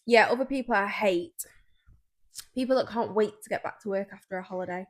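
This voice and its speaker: A woman's voice: mid-range voice, a little fast. A British woman co-hosting a podcast, chatting casually and enthusiastically, often repeating herself. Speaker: podcast co-host. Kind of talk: casual chat.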